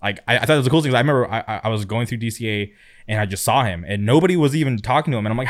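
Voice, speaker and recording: A man's voice: mid-range voice, lively intonation, very fast, no echo, studio quality. A young man from California co-hosting a podcast, chatting casually and enthusiastically, rambling with lots of fillers. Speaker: podcast co-host. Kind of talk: casual chat.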